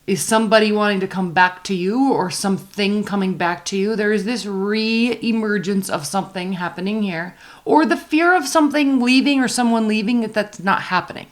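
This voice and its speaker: A woman's voice: mid-range voice, normal speed, few pauses. Casual female tarot reader, chatty and emphatic, stretches key words for stress.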